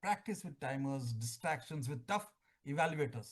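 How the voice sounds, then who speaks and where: A middle-aged man, giving an oratorical talk on contest speaking with emphatic phrasing and deliberate pauses. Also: on the high side, expressive. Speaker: public speaking trainer.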